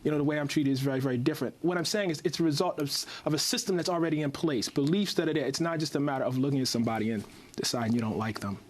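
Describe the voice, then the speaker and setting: Writer guest in his forties: quick, halting delivery with a somewhat high voice, full of "you know" and restarts. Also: slight background noise. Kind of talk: thoughtful interview answers.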